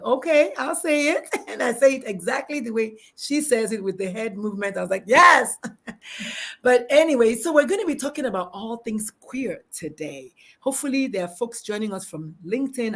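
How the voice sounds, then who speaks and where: A middle-aged woman hosting a live-streamed casual chat from her backyard, bubbly and animated, laughing often and restarting sentences. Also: mid-range voice. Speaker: talk show host. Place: backyard, outdoors.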